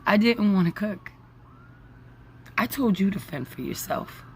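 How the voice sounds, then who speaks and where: A woman's voice: medium pitch, expressive, unhurried, slight background noise. A woman in her forties venting to her camera, angry, tired and swearing freely. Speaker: vlogger.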